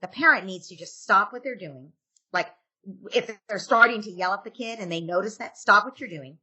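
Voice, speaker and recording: A woman's voice: medium pitch, normal speed, bright, forceful tone, breathy edge. A middle-aged woman, a parenting expert, giving advice in a casual podcast interview and acting out parent and kid lines.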